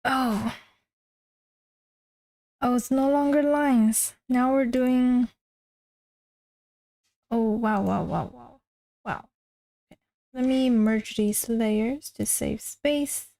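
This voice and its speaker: High-voiced woman chatting while she draws. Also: steady tone, very slow, creaky, long pauses, dark tone, rough recording. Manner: rambling, self-deprecating, trails off mid-sentence. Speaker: art streamer. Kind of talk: casual chat while drawing on stream.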